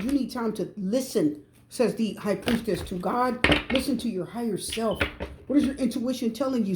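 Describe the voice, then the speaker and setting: A woman's voice: on the high side, background noise. A middle-aged woman from the United States giving a pick-a-card tarot reading, chatty and emphatic, repeating her advice straight to viewers. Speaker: tarot reader.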